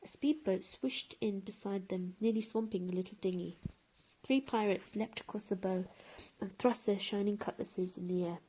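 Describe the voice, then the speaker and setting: A woman reading a children's picture book aloud in a gentle, expressive way. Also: mid-range voice, moderate pace, breathy edge. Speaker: storyteller. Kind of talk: children's story read-aloud.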